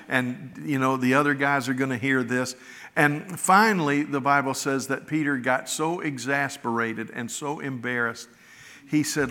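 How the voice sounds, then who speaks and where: Bright-voiced preacher in a reverberant hall. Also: male voice, mid-range voice, fairly even intonation, normal speed. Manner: conversational storytelling, folksy and earnest. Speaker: pastor. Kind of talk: sermon. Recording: long reverb of a large hall.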